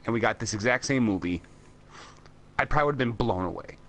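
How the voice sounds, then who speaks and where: A man's voice: medium pitch, expressive, fairly quick, a bit bright, a little hiss or hum. Man, American accent, podcast co-host, mid-range voice, rambling, filler-heavy, laughs a lot. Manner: rambling, lots of "like" and "you know", frequent laughs. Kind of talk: casual chat.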